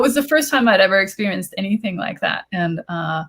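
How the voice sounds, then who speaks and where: A woman's voice: medium pitch, expressive, moderate pace, few pauses, a bit bright. A woman from Chicago with a Chicago accent, an author telling stories in a casual panel discussion, chatty and full of fillers. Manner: chatty storytelling with fillers and laughs.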